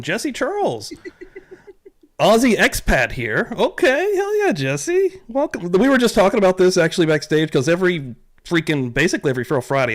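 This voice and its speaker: Excitable young male streamer, lively and a touch high, casual and profane. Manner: animated, excitable, swears casually. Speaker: livestream host. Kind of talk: casual livestream chat.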